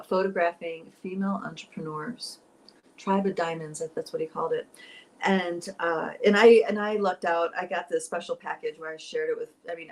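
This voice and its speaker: A woman's voice: fairly low pitch, low-quality recording. A middle-aged woman, a spiritual teacher, telling a personal story in an emotional, rambling way that turns teary at moments.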